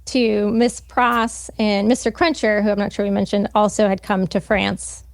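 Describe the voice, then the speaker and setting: A woman co-hosting a book podcast, chatting casually and reading passages from the novel aloud at a slower, careful pace. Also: medium pitch, little pitch movement, dry recording. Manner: reads quotes from the book slowly and deliberately. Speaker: podcast co-host.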